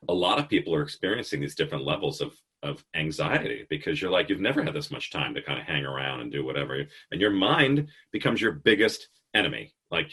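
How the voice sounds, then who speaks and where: A man in his fifties hosting a casual interview, telling stories in an animated way and swearing freely. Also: deep voice, slightly rough. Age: 50s. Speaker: podcast host.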